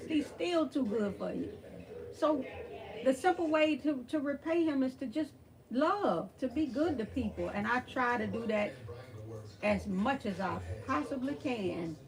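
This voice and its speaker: Texas country woman hosting a live stream, bright high voice, chatty and folksy with the chat. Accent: Southeast Texas. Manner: warm, folksy, reads and answers the chat, calls people honey and girl.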